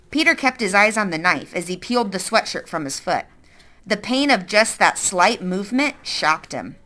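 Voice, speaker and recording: A woman reading a children's novel aloud in an expressive way, now and then correcting herself. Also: medium pitch, normal speed. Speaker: reader.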